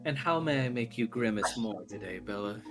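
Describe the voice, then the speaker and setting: A man's voice: medium pitch, big pitch swings, measured pace, over music. Man playing vampire lord, smug, cruel, theatrical, mocking.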